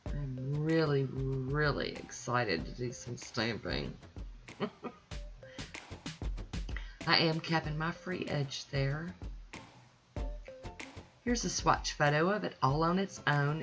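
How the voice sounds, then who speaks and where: A woman's voice: low-pitched, animated, takes it slowly, long pauses, music in the background. A woman hosting her own nail polish channel, talking through a manicure in a chatty, easygoing voice-over. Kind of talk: casual voice-over tutorial.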